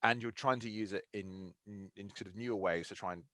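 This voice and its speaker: A man's voice: on the low side, a little fast, a bit bright, no echo. A man hosting a podcast interview, talking in a thoughtful, analytical way with frequent restarts. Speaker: podcast host. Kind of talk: casual conversational interview.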